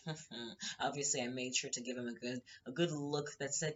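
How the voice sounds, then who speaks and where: A woman's voice: extremely low pitch, moderate pace, dull audio. A woman hosting her own show, retelling a story in a casual, heated and profane way, acting out the quotes. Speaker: podcast host.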